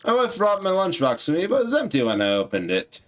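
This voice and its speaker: A man's voice: sits high, wildly swooping pitch, fast talker, muffled recording, voice pushed up. A man voicing a starving male dockhand sailor who bluntly demands food. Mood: hungry. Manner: brash, demanding.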